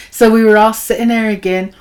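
A woman telling a ghost story on a podcast in a casual, animated way, acting out other people's lines and laughing often. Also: fairly high pitch, normal speed. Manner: animated, acts out others' voices in her tales. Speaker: podcast guest, host's wife.

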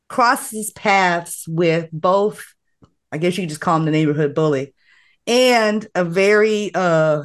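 A woman hosts a relaxed podcast conversation, her voice rising and falling as she summarizes a film. She talks playfully and laughs easily, in a casual chat style. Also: lowish voice. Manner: animated, laughing, playful storytelling. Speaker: podcast host.

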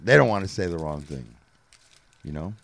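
A man's voice: sits low, expressive, moderate pace, vocal fry, a bit bright, dry recording. A man talking as a guest in casual chat, blunt and laid-back, with salty language. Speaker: podcast guest.

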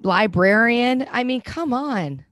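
A woman's voice: fairly high pitch, lively intonation, takes it slowly, fairly bright tone, no room sound, clean studio sound. A woman in blunt casual chat about a reality show, swearing freely and acting out mocking quotes. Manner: blunt, profane, acts out mocking voices.

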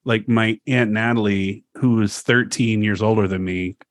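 A man's voice: lowish voice, steady tone, normal speed. A man in his forties co-hosting a casual podcast chat, telling stories animatedly, swearing freely and acting out quotes. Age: 40s. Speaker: podcast co-host.

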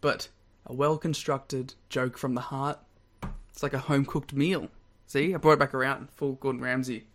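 A young man co-hosting a podcast in casual banter, laughing often and throwing in quick asides. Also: mid-range voice, steady tone, a little hiss or hum. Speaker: podcast co-host.

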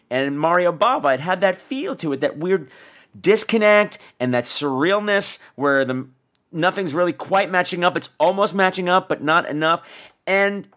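A man hosts a podcast and rants through a bad-movie review with profane sarcasm. His voice sits high and swings widely in pitch, animated throughout. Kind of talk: comedic movie-review rant.

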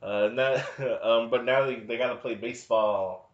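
A man's voice: medium pitch, fairly even intonation, normal speed. A man in his thirties co-hosting a podcast, chatting about a movie in a sardonic, casual way with plenty of swearing. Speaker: podcast co-host. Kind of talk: casual movie review chat. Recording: echoey room, dull lo-fi sound.

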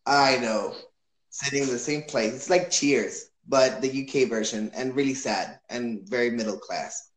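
A man's voice: mid-range voice, unhurried. Easygoing Chilean man in an echoey room. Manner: easygoing, laughs often, asks questions. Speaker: podcast host. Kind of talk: casual chat.

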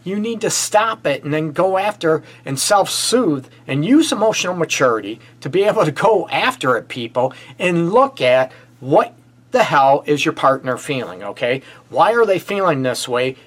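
A man's voice: fairly high pitch, big pitch swings, normal speed. A man hosting a relationship advice show as a counselor, talking straight to viewers in a blunt, emphatic way and often calling them "people.". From United States. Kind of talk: direct-to-camera advice talk.

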